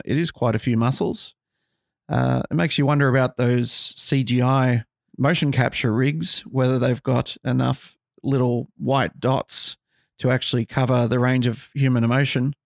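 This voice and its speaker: A man's voice: medium pitch, no room sound, studio quality. A man hosting a podcast, talking through ideas in a casual, wry and musing way with sarcastic asides. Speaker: podcast host.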